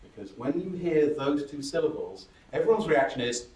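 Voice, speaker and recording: A man presenting a startup workshop, lively and chatty, acting out audience members with laughing asides. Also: fairly high pitch, moderate pace. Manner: animated, acts out audience reactions with laughing asides. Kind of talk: presentation skills workshop talk. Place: workshop room. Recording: roomy echo from a distant mic.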